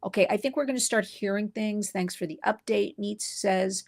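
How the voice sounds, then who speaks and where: A woman's voice: mid-range voice, normal speed, creaky, darkish tone. A woman hosting an unscripted livestream, talking emphatically and with indignation and reading out viewers' comments. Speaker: livestream host. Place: New York City.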